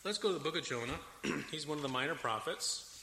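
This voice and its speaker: A man preaching a sermon with a Southern American accent, animated and dramatic, raising his voice as he acts out the complaints of biblical figures. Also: a little high, fast. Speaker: pastor. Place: church sanctuary. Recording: echoey hall with faint room noise.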